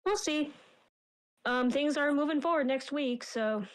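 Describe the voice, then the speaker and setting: A woman's voice: high voice, unhurried, rough recording. A woman voice actor chatting casually on stream, friendly and giggly. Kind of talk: casual chat.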